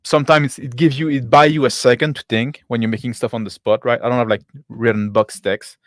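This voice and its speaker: A man who is not a native English speaker, a game master and host, talking casually in a halting way with many restarts and slips in grammar. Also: medium pitch, fairly even intonation, no echo, studio quality. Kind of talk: casual discussion.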